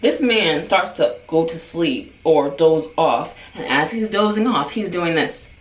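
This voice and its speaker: A woman in her twenties telling a story in a vlog, animated and chatty, with a lot of "like.". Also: low voice, measured pace. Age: 20s. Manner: animated, chatty, heavy use of "like". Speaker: hairstylist and vlogger. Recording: echoey room, far from mic.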